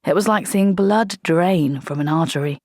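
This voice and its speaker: A woman reading a comic fantasy audiobook in a measured, dramatic narration. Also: lowish voice, a little mellow, no echo, clean studio sound.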